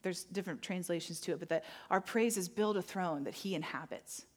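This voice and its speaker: A woman preaching a sermon, telling stories vividly and slowing down to stress key points. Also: on the low side. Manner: animated storytelling, acting out moments; slow emphatic phrasing on key points. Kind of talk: sermon with personal storytelling.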